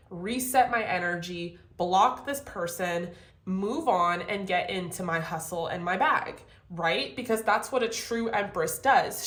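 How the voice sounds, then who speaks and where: A woman giving a casual tarot reading to camera, animated and profane, laughing often. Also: mid-range voice, echoey room. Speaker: tarot reader.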